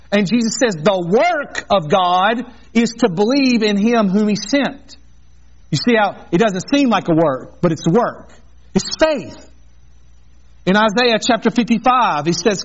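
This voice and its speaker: A man's voice: sits high, dull audio. A man preaching an earnest sermon as a pastor, mixing scripture with a personal story.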